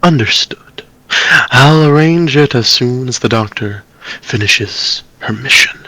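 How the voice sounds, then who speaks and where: A polished, scheming man speaks slowly and with a sharp edge, played by a man in a fan reading. His voice is breathy and often drops into a near whisper. Every word comes out measured and controlled. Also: medium pitch, no room sound, low-quality recording. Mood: smug. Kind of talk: amateur story reading with roles.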